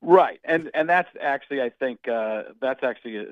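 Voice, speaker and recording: A man being interviewed as a comedian guest, talking in an animated, jokey way that slides into impressions. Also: medium pitch, normal speed, no echo, lo-fi sound. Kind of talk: casual radio interview.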